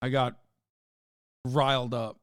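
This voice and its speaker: A man in his thirties streaming live, reacting to posts with profane, mocking commentary that swings from loud outrage to mumbled asides. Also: medium pitch, level tone, slow pace, no echo, studio quality.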